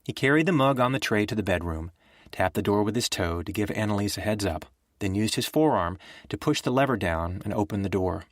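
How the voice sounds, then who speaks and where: A man narrating a thriller audiobook in a steady, measured way. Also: lowish voice, no room sound, clean studio sound. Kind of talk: scripted narration.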